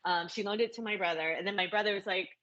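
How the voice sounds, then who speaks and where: A woman co-host talks with eager, chatty enthusiasm in a bright voice. Her audio sounds dull and slightly lo-fi. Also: mid-range voice, quick pace. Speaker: podcast co-host. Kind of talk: casual film chat.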